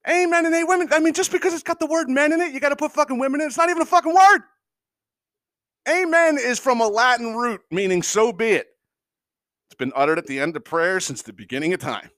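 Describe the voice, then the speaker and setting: A man's voice: very high-pitched, quick pace, a bit bright, no echo, clean studio sound. A man hosting a podcast, ranting casually and heatedly, swearing constantly and stammering when worked up. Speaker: podcast host. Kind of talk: casual profane rant.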